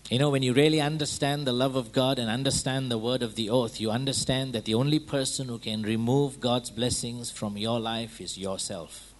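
A man preaching a sermon in a conversational way, checking in with his listeners through quick rhetorical questions. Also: mid-range voice, steady tone, a little hiss or hum.

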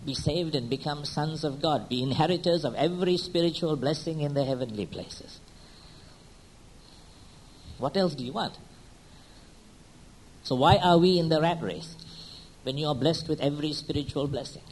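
A man preaches a sermon, repeatedly putting pointed questions to his listeners and checking in with "hmm?" He shifts from quiet, slow lines to sudden loud, high-pitched bursts. The recording is low quality, with a little hiss or hum.

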